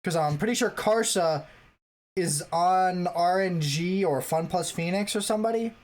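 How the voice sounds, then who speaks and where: A man's voice: high voice, moderate pace. A man co-hosting a casual esports podcast, rambling as he recalls facts aloud. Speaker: podcast co-host.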